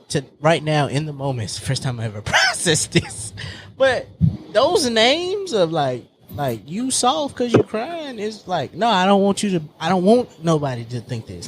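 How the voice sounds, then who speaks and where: A man with a high voice chats casually on a podcast, and his pitch leaps up and down as he talks. He is animated and laughs often, tumbling from one thought to the next. There is a faint hum behind him. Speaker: podcast co-host. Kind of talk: casual chat.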